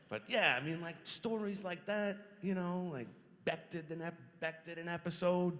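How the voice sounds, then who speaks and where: A middle-aged man, a voice actor, telling stories at a convention panel Q&A, animated and quick to laugh. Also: a little high. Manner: animated storyteller, acts out quotes, laughs often. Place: large convention hall. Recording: reverberant convention hall.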